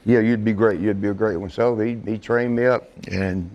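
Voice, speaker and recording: A middle-aged man telling a casual story, laughing often and swearing, acting out quotes in a higher voice. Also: steady tone, moderate pace, dull audio. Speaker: interview guest.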